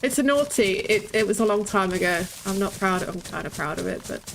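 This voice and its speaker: A woman's voice: medium pitch, lively intonation, a little fast, vocal fry, slight background noise. Chatty swearing British woman streamer. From Britain. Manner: chatty, swears freely, laughs often. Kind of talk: casual gaming stream chat.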